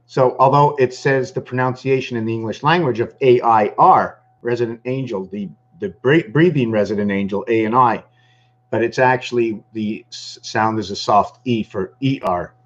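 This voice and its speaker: A man's voice: medium pitch, moderate pace, highs cut off. A man talking in a meandering monologue, full of ums and restarts. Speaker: channel host. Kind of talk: rambling monologue.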